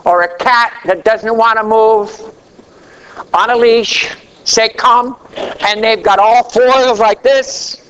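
A man preaching a sermon as pastor, slow and dramatic, letting his voice sink low at the ends of phrases. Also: fairly even intonation, fairly bright tone, muffled recording, slight background noise.

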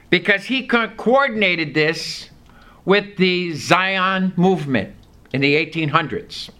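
A man's voice: high-pitched, pushed and bright. A man teaching a Bible study, reading scripture aloud and explaining it with questions to his listeners.

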